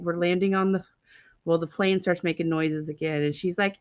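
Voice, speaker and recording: Woman stream host doing casual storytelling; chatty and animated, with dull, dry lo-fi audio. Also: lowish voice, fairly quick, no room sound. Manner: animated, chatty, with many filler words and frequent laughter.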